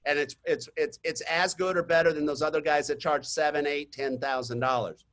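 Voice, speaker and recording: A man with a fairly high voice runs an online real estate marketing webinar. He talks straight to his audience in a chatty, storytelling way, mixing tips with a sales pitch. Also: steady tone, fairly quick, fairly bright tone.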